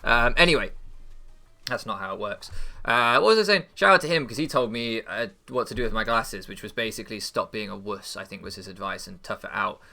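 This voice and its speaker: Rambling young English host, bright voice with gravelly fry, swears and stumbles over his words. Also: on the low side, a little fast. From England. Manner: rambling, swears freely, loses his train of thought. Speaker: channel host and league player. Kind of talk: casual rambling chat before a match.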